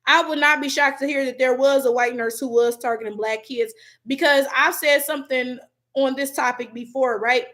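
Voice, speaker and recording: A woman's voice: high-pitched, steady tone, normal speed, a bit bright. A young woman from Detroit with an African American Vernacular accent, talking bluntly and profanely while reading viewer comments as a YouTube host. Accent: African American Vernacular English, Detroit. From Detroit, USA. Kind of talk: casual livestream commentary.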